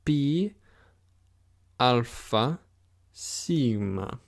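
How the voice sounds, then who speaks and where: A man teaching a pronunciation lesson, saying each word slowly and repeating it so the listener can follow along. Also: mid-range voice, expressive, gravelly. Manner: slow, patient, repeats words for the listener. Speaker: language teacher.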